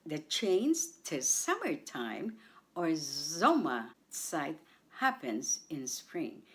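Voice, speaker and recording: A woman's voice: low-pitched, big pitch swings, extremely slow. A woman hosting a radio language segment, spelling out words and saying them syllable by syllable for listeners to repeat. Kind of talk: slow scripted language lesson. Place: radio studio.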